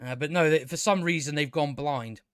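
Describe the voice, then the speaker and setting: A man talks through a casual review in a ranting, exasperated way and swears freely. His voice sits fairly high for a man. The sound is dry and close, with no room echo. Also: normal speed, smooth. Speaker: show reviewer.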